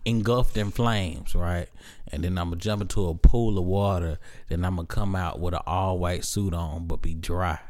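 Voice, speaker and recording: A man's voice: sits low, steady tone, normal speed, darkish tone. A man co-hosting a podcast, joking in casual banter and repeating "you know what I'm saying" often. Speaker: podcast co-host.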